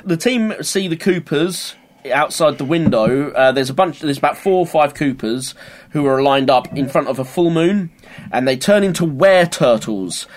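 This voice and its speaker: A man's voice: fairly high pitch, normal speed. A man co-hosting a podcast, recapping a TV episode in casual chat and acting out the scenes. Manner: animated storytelling, acts out scenes. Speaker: podcast co-host.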